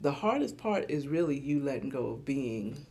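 A middle-aged woman, a podcast guest, talking casually and lively, acting out little voices as she tells stories. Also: a bass voice, normal speed. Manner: animated, acts out voices in quotes. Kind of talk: casual chat.

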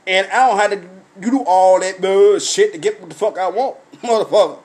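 A man delivers a blunt, swear-filled comic rant. His voice sits high for a man, and he keeps it animated, breaking into laughs as he tells his story. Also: normal speed.

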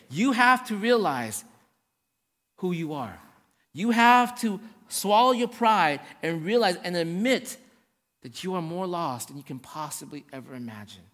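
A man preaching a sermon to his congregation, swinging between hushed and raised passages and often checking in with the room. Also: a little high. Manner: addresses the congregation directly, checking in with "right?". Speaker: pastor. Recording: long hall reverb.

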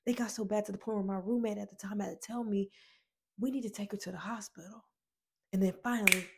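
A woman's voice: medium pitch, vocal fry, darkish tone, husky. A woman giving a motivational talk, telling a personal story in an earnest, emotional way, addressing listeners as friends and repeating key phrases. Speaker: motivational speaker.

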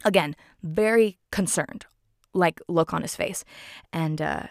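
A woman's voice: on the low side, a little slow, creaky, no echo, clean studio sound. A woman casually retelling a film scene by scene, chatty and giggling often.

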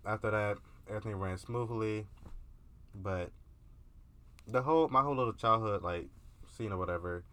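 A man's voice: on the low side, normal speed, pauses often, fairly bright tone. A young man vlogging in a candid, casual confessional monologue, profane and peppered with filler words.

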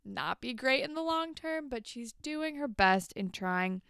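Woman co-host, animated recapper, crisp voice with vocal fry. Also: a little high, measured pace, dry recording, clean studio sound. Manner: animated, acts out characters' lines while retelling. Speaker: podcast co-host. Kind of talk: casual recap chat.

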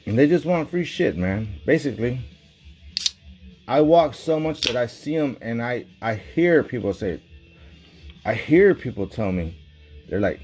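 A man's voice: on the low side, a little mellow, slightly rough. A man delivering a rambling, profane, agitated monologue in casual talk.

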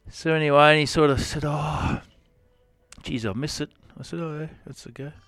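A man's voice: a little high, steady tone, normal speed, a bit bright. A man with an Australian accent, a rodeo cowboy telling stories in a casual interview, rambling with lots of fillers and restarts.

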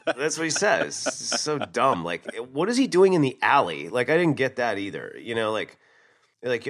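Animated man chatting about movies. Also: mid-range voice, moderate pace. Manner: animated, lots of fillers and quoting. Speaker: podcast co-host. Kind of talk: casual movie chat.

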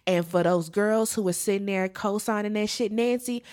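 Woman cohost going off, cussing a lot, sassy rant, middle pitch. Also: normal speed. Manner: profane, sassy, animated ranting. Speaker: podcast co-host. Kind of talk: casual chat.

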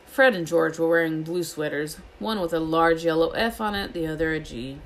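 A low-pitched woman reads a children's novel at a moderate pace on a rough recording. She takes on the characters' lines herself, using lively voices for each.

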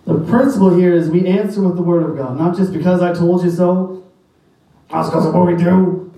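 A man's voice: sits high, steady tone, normal speed, warm tone. A man preaching a sermon as pastor, emphatic, quoting scripture in old-fashioned wording. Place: church sanctuary. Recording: very echoey church hall, mic at a distance.

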